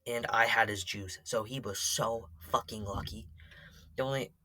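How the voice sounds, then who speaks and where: Bright-voiced teen guy rambling. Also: lowish voice, fairly even intonation, normal speed, breathy edge. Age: teens. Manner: rambling, heavy on fillers and swearing. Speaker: vlogger. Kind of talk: casual storytelling.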